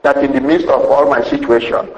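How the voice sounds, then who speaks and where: A man's voice: mid-range voice, a little fast, roomy sound, muffled recording. A man preaching a sermon with emphasis, rhetorical questions and a repeated refrain.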